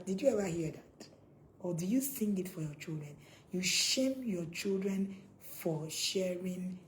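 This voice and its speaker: A woman's voice: mid-range voice, slight background noise, poor audio. A woman giving a preachy parenting talk to camera. She quizzes her viewers and repeats her points. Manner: preachy, asks viewers questions, repeats points, bursts into loud acted scolding. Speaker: parenting coach.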